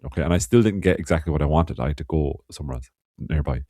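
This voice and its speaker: Irish male podcast co-host, rambling storyteller, deep dark voice. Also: fast, no echo, clean studio sound. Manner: rambling, swearing, laughs often. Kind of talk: casual chat.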